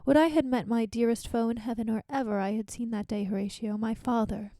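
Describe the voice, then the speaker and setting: Brief: bitter young prince, read by a sick woman, gravelly, lightly dramatic. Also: a little high, steady tone, brisk, mellow, no room sound, lightly acted. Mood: grieving. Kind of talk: casual dramatic reading.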